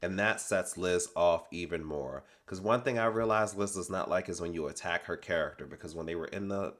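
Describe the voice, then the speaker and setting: A man giving a casual reality TV recap in an animated, sassy, slangy way. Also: low-pitched, a little fast.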